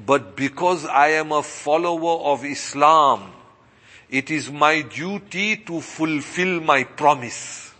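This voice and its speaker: Polite young male student, put on by a preacher, earnest, bright voice, echoing hall. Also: on the high side, slow, heavily acted. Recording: long reverberant hall.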